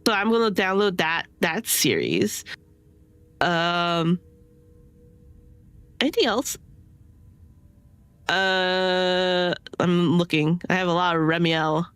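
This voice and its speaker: A woman's voice: lowish voice, takes it slowly, long pauses, fairly bright tone, clear, resonant tone, no room sound. A young woman streaming a game, chatting casually and rambling with lots of filler words and laughs. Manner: chatty, giggly, rambling with many "sort of" and "like" fillers. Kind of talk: casual gameplay commentary.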